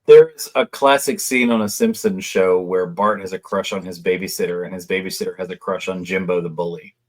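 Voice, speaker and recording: A man's voice: low-pitched, steady tone, brisk. A man co-hosting a casual podcast discussion, talking in a reflective, chatty, storytelling way. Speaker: podcast co-host.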